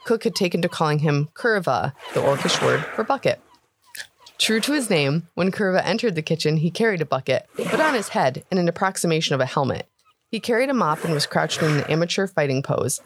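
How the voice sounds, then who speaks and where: A woman hosting a tabletop game podcast, giving a steady, expressive story narration. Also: low voice, a little fast, noisy background. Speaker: podcast host and story reader. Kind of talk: read-aloud story narration.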